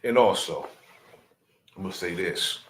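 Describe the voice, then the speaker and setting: Male organizer, slow measured delivery, preaching cadence, lower voice. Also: lively intonation. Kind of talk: casual address to followers.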